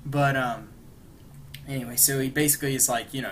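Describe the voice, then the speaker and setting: A man's voice: medium pitch, fairly even intonation, fairly quick. Man, podcast co-host, casual chat, rambling, filler words, faint hiss. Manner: rambling retelling, full of "like" and "you know".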